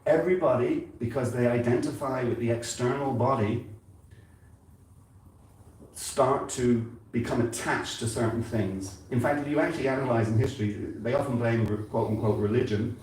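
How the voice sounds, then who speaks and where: A man's voice: mid-range voice, darkish tone. Older man, from England, informal sermon, conversational, stumbling repeats, distant mic, big hall reverb. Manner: conversational, halting with frequent repeats and fillers. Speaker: spiritual speaker at a temple gathering. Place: temple hall. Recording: very echoey hall, heard from a distance.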